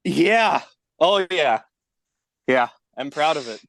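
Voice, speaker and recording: A man's voice: on the high side, animated, slow pace, creaky, fairly bright tone. A young man, a podcast guest, chatting casually and laughing often, with a self-deprecating manner. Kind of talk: casual chat. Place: parents' house.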